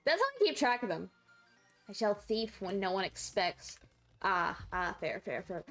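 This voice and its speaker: A woman with a medium-pitched voice rambles excitedly to her viewers while streaming a game, shrieking and laughing easily. Soft background music accompanies her casual chatter.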